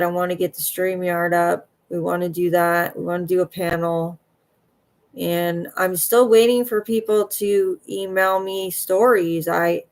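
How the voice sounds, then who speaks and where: A tired woman hosting a late-night livestream, halting and earnest, often trailing off. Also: lowish voice, vocal fry. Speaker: livestream host.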